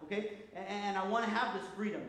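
A man preaching a sermon as pastor, animated, with frequent restarts and repeated words. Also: sits high, quick pace. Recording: echoey hall with long reverb.

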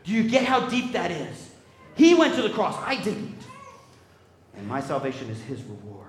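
A man preaching a sermon in an animated, conversational way, swinging between loud bursts and quiet asides and checking in with his listeners. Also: sits high, moderate pace, reverberant, slight background noise. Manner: conversational, checks in with "right?" and "okay?". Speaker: pastor.

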